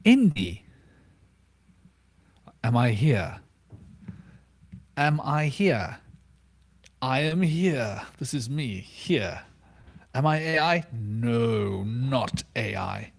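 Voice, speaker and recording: A man's voice: medium pitch, lively intonation, extremely slow, gravelly, pauses often, slightly rough. A man hosting an online round table, musing on philosophy in a rambling, repetitive way over a video call. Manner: rambling, musing, repeats phrases. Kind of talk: casual philosophical monologue.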